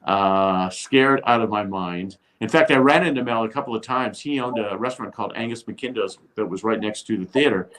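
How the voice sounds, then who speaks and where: An older man, a TV host appearing as a guest, telling a lively anecdote and acting out the people he quotes. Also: on the low side, brisk, hardly any pauses. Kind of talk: storytelling anecdote.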